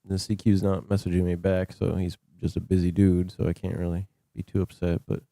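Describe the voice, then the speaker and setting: A man's voice: sits low, level tone, brisk, vocal fry, dark tone, dry recording, studio quality. A man hosting a scam-baiting livestream, chatting casually and rambling while he thanks viewers for gifted subs.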